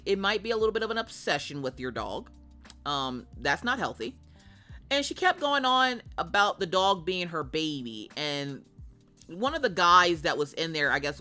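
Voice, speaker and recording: A woman in her thirties telling a story in a blunt, animated way as a streamer. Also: medium pitch. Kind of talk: casual storytelling.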